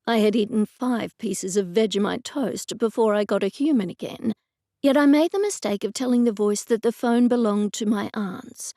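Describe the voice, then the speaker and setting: A woman's voice: medium pitch, moderate pace, dark tone, no room sound. A woman narrating an audiobook in the first person, telling the story in a dry, exasperated way.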